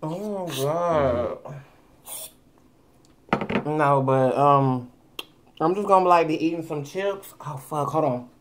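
Here the same sort of casual eating-show chat comes through a camera mic with a bit of hiss or hum, in a mid-range voice that moves slowly with long pauses. The tipsy speaker rambles, swears and sasses the audience, addressing them as "girl."

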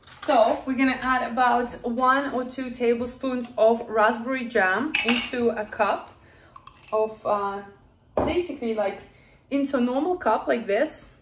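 A young woman chatting casually in a home kitchen while showing a recipe, excitable and laughing often. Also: fairly high pitch, a little slow, slight background noise. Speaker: cooking vlogger. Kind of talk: casual cooking demonstration.

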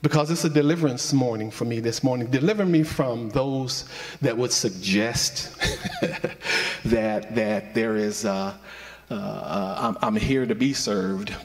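Slow, deliberate preacher in an echoing church. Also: male voice, medium pitch. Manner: preaching with emphatic repetition. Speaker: associate minister. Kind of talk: sermon. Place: church sanctuary. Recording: reverberant church sanctuary.

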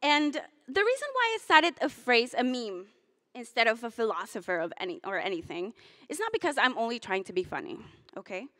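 A woman's voice: fairly high pitch, very animated, fairly quick, a bit bright, no room sound, studio quality. Young woman giving an emotional graduation speech. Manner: emotional, chokes up and laughs through tears, then jokes with the crowd. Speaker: graduating student speaker. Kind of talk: commencement speech. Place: hotel ballroom.

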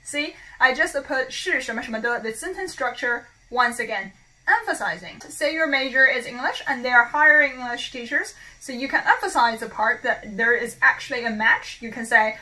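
A woman teaching a language lesson, repeating model phrases slowly and clearly. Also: on the high side, expressive, bright, forceful tone, rough recording.

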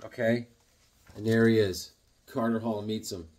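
A man reviewing comics in a casual, excitable, rambling way, full of fillers. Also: on the low side, a little slow.

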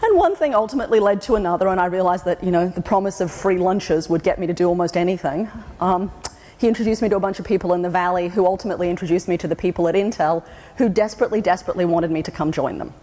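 An Australian woman gives a funny keynote at a conference, sharing wry anecdotes and mimicking other people's voices. Her voice is low-ish, warm, and rapid-fire, echoing through a hall with long reverb.

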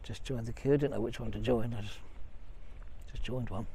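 A man's voice: medium pitch, fairly even intonation, normal speed, mellow, slight background noise. A man chatting casually while vlogging a motorhome trip, rambling with fillers as he explains things from a ferry queue. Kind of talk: casual travel chat.

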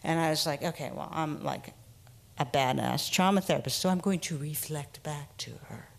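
A woman's voice: deep voice, normal speed, vocal fry. A woman trauma therapist telling a story to an audience, talking casually and acting out what people said. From United States. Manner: animated, casual, acts out quotes. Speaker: trauma therapist giving a talk. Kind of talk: storytelling presentation.

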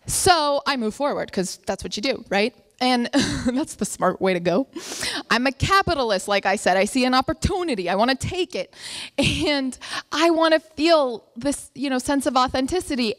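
A young woman telling a funny story live, acting out her family members' voices. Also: sits high.

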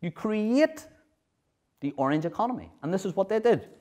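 Man, middle-aged, history lecture, animated pitch, lively, asks listeners to follow along. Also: moderate pace. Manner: lively, checks in with the audience. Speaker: speaker at a political history festival.

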